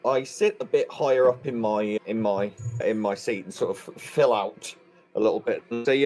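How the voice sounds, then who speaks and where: Dude playing a tabletop rpg, mellow warm tone, talks lively, music faint behind. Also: male voice, lowish voice, normal speed. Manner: animated, stammering in character. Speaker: player.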